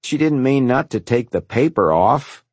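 A man's voice: mid-range voice, lively intonation, normal speed, a little mellow, breathy edge, no echo, pitched above the performer's own voice. A man voicing a guarded orphan boy. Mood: amused. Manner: earnest, explaining hard truths. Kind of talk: audiobook character voice.

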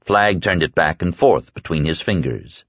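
A man narrating an audiobook in a measured, expressive way. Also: sits low, breathy edge, no room sound, dull audio.

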